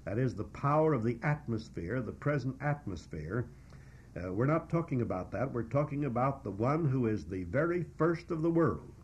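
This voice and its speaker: A man preaching a verse-by-verse Bible exposition, teaching in a measured, emphatic way with frequent "uh" pauses. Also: medium pitch, lively intonation, a little mellow, husky. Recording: dull lo-fi recording.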